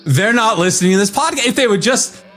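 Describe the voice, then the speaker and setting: A male podcast co-host chatting casually about tech news. His pitch swings widely as he jokes and laughs, with a slightly raised voice overall. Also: fast, faint music behind. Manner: animated, laughs often, jokey. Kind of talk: casual chat.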